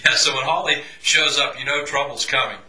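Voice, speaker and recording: Bright-voiced male interviewer, echoey room. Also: on the high side, steady tone, brisk. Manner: hesitant, many fillers. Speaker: interviewer host. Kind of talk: interview questions.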